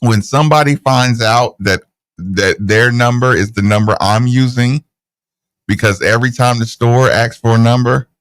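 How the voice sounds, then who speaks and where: A man's voice: medium pitch, moderate pace, dry recording. A man co-hosting a podcast, joking playfully in casual chat. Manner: playful, jokey. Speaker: podcast co-host.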